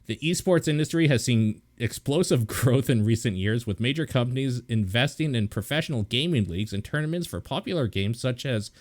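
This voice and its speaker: A man's voice: medium pitch, lively intonation, a little fast, few pauses. A man hosting a video game podcast, chatting casually, reading listener questions aloud and laughing often. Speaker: podcast host. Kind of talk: casual chat.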